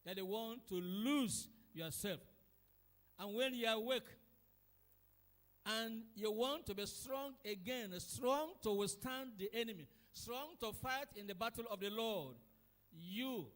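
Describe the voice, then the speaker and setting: A man's voice: sits high, long reverb tail. A Nigerian man preaching a sermon in church, emphatic and acting out quarrels in quoted voices. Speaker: pastor.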